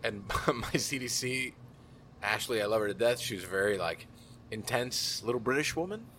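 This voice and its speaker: A man's voice: mid-range voice, lively intonation, normal speed, fairly bright tone, a little hiss or hum. A man hosting a casual chat in a laid-back, joking way.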